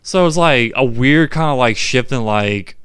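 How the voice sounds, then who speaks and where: A man's voice: mid-range voice, animated, a little slow, a bit bright, clear, resonant tone, no echo, studio quality. A man co-hosting a podcast, chatting casually about a cult film and rambling as he acts out lines from it. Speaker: podcast co-host. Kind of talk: casual movie review chat.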